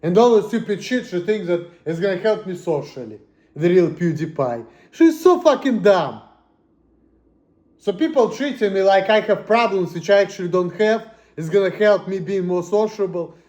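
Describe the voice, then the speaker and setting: A high-voiced man rants to the camera, cursing constantly. He swings between low muttering and sudden shouts. The room around him gives the voice a noticeable echo. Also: lively intonation, normal speed. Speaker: vlogger. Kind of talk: angry personal rant.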